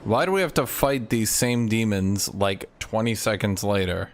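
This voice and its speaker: A man's voice: on the low side, lively intonation, normal speed, slight background noise. A young man streaming a game, casually joking and talking straight to his chat. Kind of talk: casual live-stream commentary.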